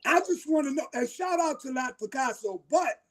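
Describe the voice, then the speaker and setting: A man's voice: very high voice, expressive, normal speed, low-quality recording. A man on a casual talk show, teasing the host in playful banter.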